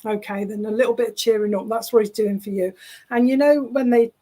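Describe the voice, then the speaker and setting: A woman working as a spiritualist medium, relaying spirit messages over a video call in a chatty, halting, reassuring way. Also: fairly high pitch, fairly even intonation, warm tone.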